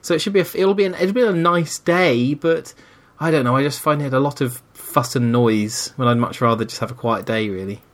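A man's voice: medium pitch, fairly quick. A man in casual chat, dry and teasing, laughing easily.

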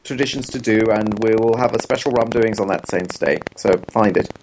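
A man co-hosting a podcast, chatting casually with dry, deadpan humor. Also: fairly low pitch, brisk, background noise. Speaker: podcast co-host. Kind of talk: casual chat.

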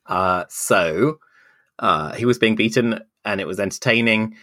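A man's voice: fairly low pitch, measured pace, no room sound. A man in his forties co-hosting a casual podcast, telling a long anecdote in a dry, wry way. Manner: dry, wry anecdotes, acts out quoted voices loudly. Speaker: podcast co-host. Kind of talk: casual chat, storytelling.

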